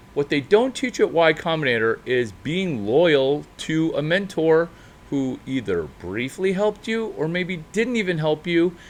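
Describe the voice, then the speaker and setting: Speaking as a startup mentor, a man delivers an animated, unscripted monologue full of abrupt leaps in pitch and volume and stretched-out emphasis. There's a faint hiss or hum in the recording.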